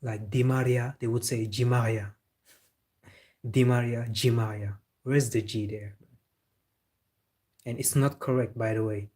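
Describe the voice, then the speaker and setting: A man's voice: mid-range voice, steady tone, moderate pace, long pauses, mellow. A man hosting a live football reaction stream, chatting casually and answering viewers with strong opinions. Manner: opinionated, replying to chat.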